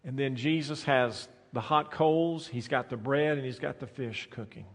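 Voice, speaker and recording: A man preaching a sermon as pastor, swinging between soft, drawn-out phrases and loud, emphatic bursts. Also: medium pitch. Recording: long reverb of a large hall.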